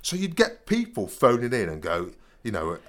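A man's voice: mid-range voice, wildly swooping pitch, moderate pace. A man telling a rambling story in casual chat, full of stammering restarts and "you know what I mean". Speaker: podcast co-host.

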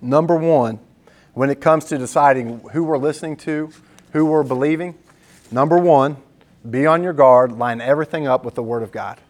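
A man's voice: mid-range voice, moderate pace. A male pastor preaching a sermon in an earnest, emphatic, conversational way, mixing scripture with personal stories.

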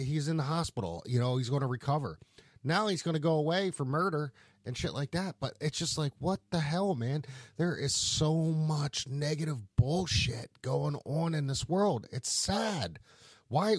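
A man's voice: mid-range voice, no echo, studio quality. A man hosting a casual solo podcast, rambling in a laid-back way, often saying "man" and cursing. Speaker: podcast host.

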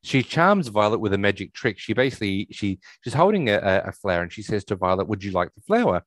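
A man's voice: on the low side, big pitch swings, fast talker, dry recording, low-quality recording. A man co-hosting a casual podcast, retelling a film scene with restarts and fillers. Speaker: podcast co-host. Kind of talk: casual movie recap chat.

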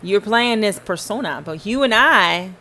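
A woman's voice: mid-range voice, expressive, unhurried, pushed and bright. Emphatic woman giving a casual faith talk. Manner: emphatic, preachy, talks straight to the listener. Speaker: podcast host.

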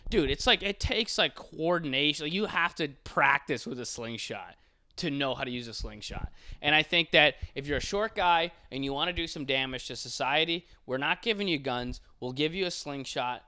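A man's voice: on the high side, sharp tone, clear, resonant tone. A man delivering a profane, exaggerated, mock-serious comedic rant. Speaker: comedic commentator.

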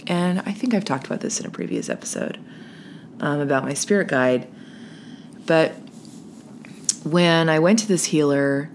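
A woman in her thirties tells a personal story as a podcast host, her voice sitting low and unhurried. She slips into a hushed near-whisper whenever the story turns tense. A faint hum of ambience runs under the recording.

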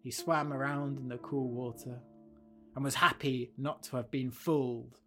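A man hosting a podcast, telling a fable and then reflecting on it in a gentle, thoughtful way. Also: medium pitch, steady tone, normal speed, soft background music. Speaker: podcast host. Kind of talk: storytelling and reflective commentary.

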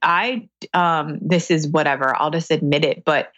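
A woman's voice: low-pitched, steady tone, normal speed, a bit bright, dry recording, lo-fi sound. A woman guest in a casual podcast chat, talking candidly and laughing often.

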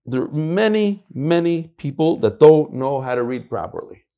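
An American man teaching a Talmud class, emphatic and animated, mixing in Hebrew and Yiddish terms. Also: fairly high pitch, moderate pace, lo-fi sound. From United States. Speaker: Torah teacher.

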